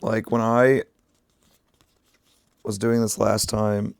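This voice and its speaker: Low croaky guy with a sick voice rambling to his stream while crafting, dry close sound. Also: flat delivery, slow pace, dry recording. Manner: rambling, thinking aloud while working. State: sick, rough voice. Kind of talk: casual livestream chat while crafting.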